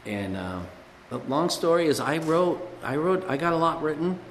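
A man's voice: a little high, very animated, moderate pace, slight background noise. Rambling man telling his story in an echoey hall. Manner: rambling storyteller, leans on "you know". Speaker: speaker at a recovery meeting. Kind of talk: personal recovery testimony. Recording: echoey hall with long reverb.

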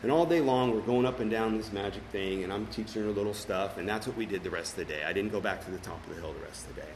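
A man's voice: lowish voice, fast talker, noisy background. Earnest middle-aged man telling a story. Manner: earnest storyteller, many fillers and restarts. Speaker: speaker sharing his recovery story. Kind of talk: personal testimony at a recovery meeting.

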